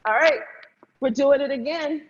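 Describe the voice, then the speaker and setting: A dance teacher runs a virtual hip hop class from a room, her voice sitting high at a moderate pace as she counts beats aloud in an upbeat way. The echoey recording sounds dull and lo-fi, with a bit of faint noise.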